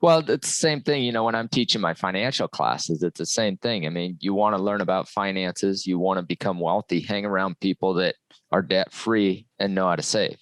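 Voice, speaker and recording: Low-voiced male podcast host, dry sound. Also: moderate pace, no echo. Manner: relaxed conversational, short affirmations. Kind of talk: casual interview chat.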